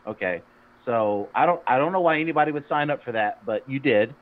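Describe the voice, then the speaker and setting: A man co-hosting a fitness podcast, gruff and teasing, rambling with restarts. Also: medium pitch, expressive, fairly quick. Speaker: podcast co-host. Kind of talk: casual podcast chat. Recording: tinny phone-like sound.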